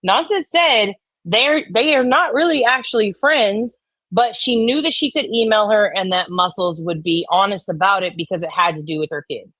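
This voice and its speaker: A woman's voice: mid-range voice, normal speed, a bit bright, no echo. A woman hosting a livestream, chatting casually and profanely about online drama and reading comments from chat. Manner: profane, conspiratorial, reads chat aloud; acts out quoted voices. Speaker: livestream host.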